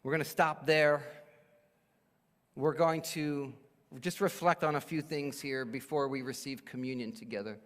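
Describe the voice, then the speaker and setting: A male pastor with a mid-range, fairly bright voice preaches at a measured pace with fairly even intonation. He explains a Bible passage, briefly acting out its quoted speakers, and long church-hall reverb fills the sanctuary.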